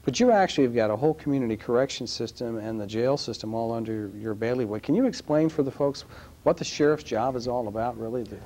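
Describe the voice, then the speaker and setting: A man's voice: mid-range voice, quick pace, mellow. A man hosting a talk show who asks curious, conversational interview questions. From New York.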